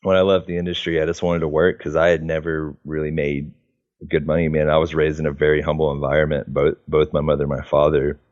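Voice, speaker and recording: A man's voice: a bass voice, completely flat delivery, fast, darkish tone, dull audio. A man chatting casually as a podcast guest, rambling with lots of fillers and restarts. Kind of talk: casual conversation.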